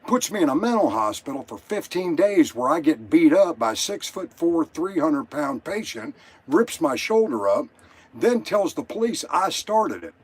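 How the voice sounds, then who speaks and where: Older male caller, slightly high husky voice, agitated and profane. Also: big pitch swings, moderate pace. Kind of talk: emotional call-in story.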